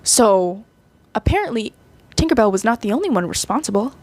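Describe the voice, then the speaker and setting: A woman's voice: a little high, sing-song, fairly quick, darkish tone, dry recording. A woman doing a weary fairy queen. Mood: dismissive.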